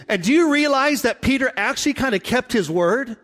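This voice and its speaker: A man preaching a sermon, telling the story in an animated way and acting out the people in it. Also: very high-pitched, fairly quick. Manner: animated storytelling, acts out voices. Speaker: pastor. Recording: long hall reverb.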